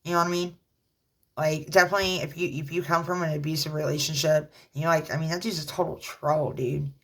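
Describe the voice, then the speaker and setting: A woman, a mother, talking casually to her viewers in a rambling, halting way with lots of fillers, earnestly offering religious encouragement. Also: sits low, fairly even intonation. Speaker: vlogger. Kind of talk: casual talk to camera.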